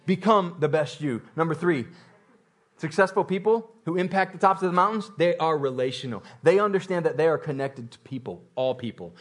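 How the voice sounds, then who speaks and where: A man preaching a sermon, repeating phrases and building intensity, with occasional laughter. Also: fairly high pitch. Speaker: pastor.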